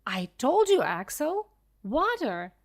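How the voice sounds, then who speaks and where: A woman reading the lines of an excited elderly male professor explorer, explaining slowly and clearly. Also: high voice, exaggerated voice. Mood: urging.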